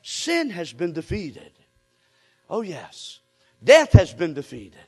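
A pastor delivering a fervent sermon, often breaking into shouts. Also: male voice, high-pitched, huge pitch swings, takes it slowly, husky. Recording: long reverb of a large hall.

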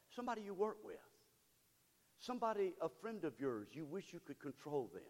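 Animated preacher with church reverb. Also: male voice, fairly high pitch. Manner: animated preaching, swinging from loud cries to hushed pleading. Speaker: pastor. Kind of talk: sermon. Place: church sanctuary.

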